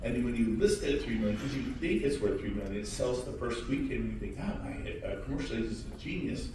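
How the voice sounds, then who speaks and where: Male motivational speaker, loud and punchy, working a crowd; very echoey hall, distant mic. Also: lively intonation, fast, noisy background. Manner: high-energy, shouting and teasing the crowd. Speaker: real estate speaker addressing an audience. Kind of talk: motivational talk to a live audience. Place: large hall with audience.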